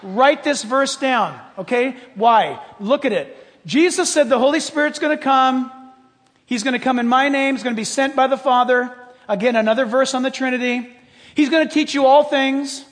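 Animated high-voiced preacher in an echoing hall. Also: male voice, moderate pace. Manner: animated and playful, swings from hushed to shouting. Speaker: pastor. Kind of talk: sermon. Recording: long hall reverb.

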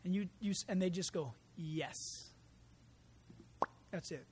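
Animated preaching man, loud and soft. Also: sits high, fast talker, slight background noise. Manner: animated, acts out voices, swings from quiet to loud. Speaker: pastor. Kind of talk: sermon.

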